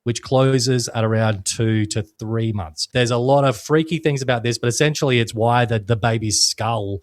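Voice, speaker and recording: An Australian man rambles through a casual podcast chat, joking and swearing as he goes. His voice sits at a middle pitch. The sound is dry and close, with no room echo. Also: moderate pace. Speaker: podcast co-host.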